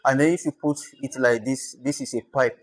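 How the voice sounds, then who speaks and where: A language teacher with a Nigerian accent giving an informal lesson, repeating words slowly to show their pronunciation. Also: mid-range voice, fairly even intonation, rough recording.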